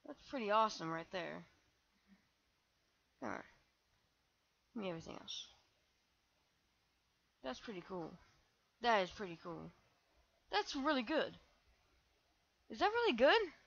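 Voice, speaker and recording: Slow-talking young woman gaming, muffled mic. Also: medium pitch, vocal fry. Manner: excitable, shrieks when panicked, self-mocking. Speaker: gaming channel host. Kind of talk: gameplay commentary.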